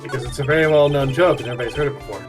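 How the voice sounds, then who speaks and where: A man co-streaming a game, low-key and wry, making dry remarks. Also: very fast, music in the background. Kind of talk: let's play commentary.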